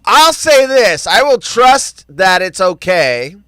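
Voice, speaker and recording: A man's voice: sits high, slow pace, clear, resonant tone, dry recording. A man hosting a live show, chatting casually, joking and reading viewer comments aloud. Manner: animated, joking, reads chat comments aloud. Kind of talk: casual live-stream chat.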